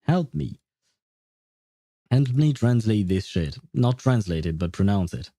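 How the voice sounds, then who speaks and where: A man with a lowish, mellow voice chats on a game livestream, thinking aloud and tripping over fillers and restarts. The sound is dry and close, with no room around it. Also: lively intonation, unhurried, no room sound. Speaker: streamer. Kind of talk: casual livestream chat.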